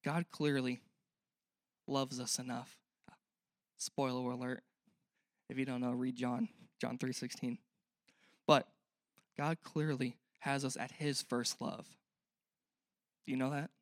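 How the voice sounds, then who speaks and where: A man's voice: medium pitch, level tone, slow pace, pauses often, no room sound, clean studio sound. A young man preaching a sermon in a church, earnest and conversational, often asking the listeners questions. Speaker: pastor.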